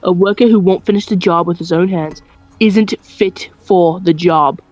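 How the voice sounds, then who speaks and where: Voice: mid-range voice, normal speed, darkish tone, dry recording, lo-fi sound, soft background music, lightly acted. An amateur playing a stern old factory matriarch. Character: elderly woman factory worker representative, stern. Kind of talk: amateur fan dub.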